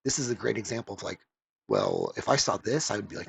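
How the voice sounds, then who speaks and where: A man's voice: lowish voice, huge pitch swings, fast talker, creaky, breathy edge. A man rambling casually in a vlog, offhand and loose, with frequent swearing. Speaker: comic reviewer.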